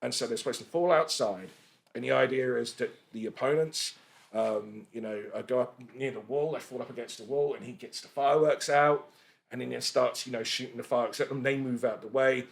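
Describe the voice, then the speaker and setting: A man in his forties, a podcast guest telling stories in a casual, animated way, laughing and swearing freely. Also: mid-range voice, a little fast, creaky. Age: 40s. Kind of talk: casual storytelling chat.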